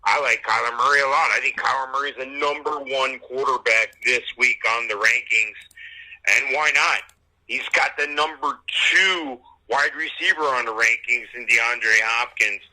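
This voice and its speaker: A man with a mid-pitched, very sharp and tense voice hosts a fantasy football radio segment. He goes steadily through player rankings and picks. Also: normal speed, low-quality recording. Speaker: host.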